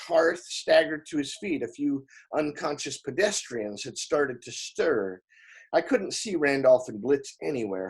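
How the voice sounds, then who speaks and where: A man reading a novel aloud in expressive first-person narration, with small slips along the way. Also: mid-range voice, husky. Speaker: audiobook reader.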